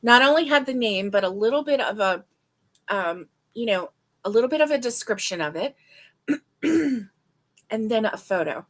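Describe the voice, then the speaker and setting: A woman's voice: fairly high pitch, lively intonation, moderate pace, long pauses, a bit bright. A woman hosting a casual crochet livestream, reading stitch descriptions aloud and reacting with delight.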